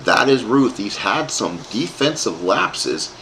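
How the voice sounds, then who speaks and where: A man's voice: medium pitch, big pitch swings, slow pace, a bit bright, slight background noise. A man calling play-by-play for a tabletop baseball game he is playing himself, rambling into asides for his live chat. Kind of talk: play-by-play commentary of a dice game.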